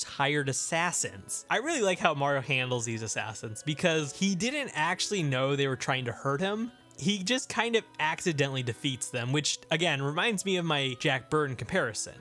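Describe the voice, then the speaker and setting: A man's voice: on the high side, a bit bright. A man hosting a comic book review video, talking in a sarcastic, blunt, profane way. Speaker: video host.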